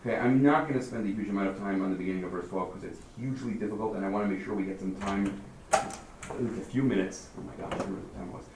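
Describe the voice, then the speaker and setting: A man teaching a text study class, thinking out loud and firing questions at his students. He sounds far from the mic in a roomy room with a faint hiss behind him. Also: on the low side, very fast. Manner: lively, questioning, thinks aloud.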